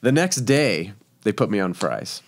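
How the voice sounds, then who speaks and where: A chatty man, a professional chef from Texas, tells stories in a relaxed interview. His voice sits a bit low, and his talk is full of fillers and quick laughs. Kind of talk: casual storytelling interview.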